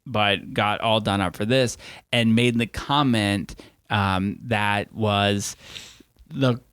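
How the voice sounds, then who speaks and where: A man's voice: fairly low pitch, fairly even intonation, a bit bright, clean tone, no room sound. Male podcast co-host, casual chat, agreeable interjections, dry close sound. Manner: quick agreeing interjections and chuckles.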